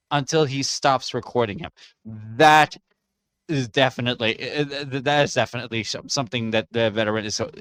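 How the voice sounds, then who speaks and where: A man hosting a reaction channel, commenting in an excited way and often exclaiming and restarting his sentences. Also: medium pitch, dry recording.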